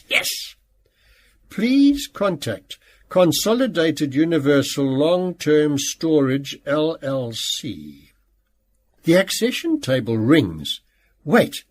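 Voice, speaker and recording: A man narrating a novel in the first person, animated and playful. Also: a little high, slightly rough. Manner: animated, acts out quoted speech. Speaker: audiobook narrator.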